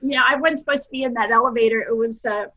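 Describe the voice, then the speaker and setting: An older woman telling her story to an interviewer, earnest and self-deprecating, wandering through her memories in a bright, fairly high voice. The audio is dull and lo-fi. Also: fairly even intonation, racing. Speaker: interview guest.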